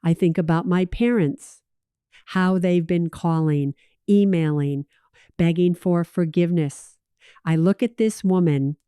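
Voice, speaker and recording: Woman in her thirties as first-person storyteller, slow and even, clear voice, dry recording. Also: fairly low pitch, no echo. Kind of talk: scripted story narration.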